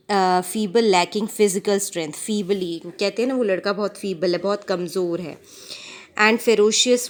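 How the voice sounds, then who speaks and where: Indian woman teacher reading vocabulary. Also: medium pitch. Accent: Indian English. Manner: reads word after word with short definitions, slips into Hindi to explain. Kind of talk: reading vocabulary lesson aloud.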